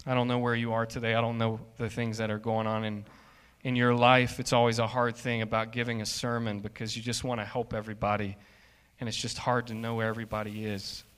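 A man preaching a sermon as pastor, slow and emphatic, building in intensity. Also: medium pitch, flat delivery, fairly bright tone, smooth, big-room sound.

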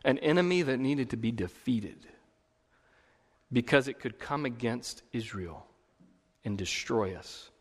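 A man's voice: mid-range voice, lively intonation, unhurried, pauses often, breathy edge. Man preaching in a reverberant church. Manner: conversational preaching with emphatic swells and repeated phrases. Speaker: pastor. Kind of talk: sermon.

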